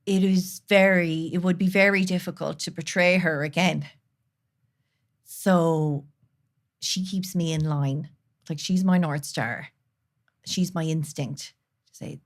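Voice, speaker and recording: A woman guest on a podcast, speaking earnestly and from the heart, sometimes dropping to a soft near-whisper. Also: deep voice, fairly even intonation, slow pace, long pauses. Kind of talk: candid conversational interview.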